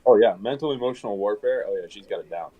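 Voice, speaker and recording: A man's voice: on the low side, quick pace, muffled recording, background noise. A man chatting casually with a friend, joking and laughing easily. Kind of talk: casual chat.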